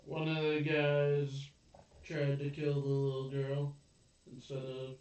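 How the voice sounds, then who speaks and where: A man's voice: a little high, monotone, slow pace, a little mellow. A man in a casual film chat, chiming in with brief, matter-of-fact corrections. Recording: very echoey room, distant mic.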